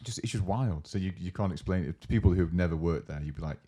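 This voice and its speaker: A young man with a low, deep voice chats on a casual podcast. He tells workplace stories with gusto, acting out his coworkers' lines and swearing freely. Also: fast, warm tone, breathy edge. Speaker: podcast co-host. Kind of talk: casual chat.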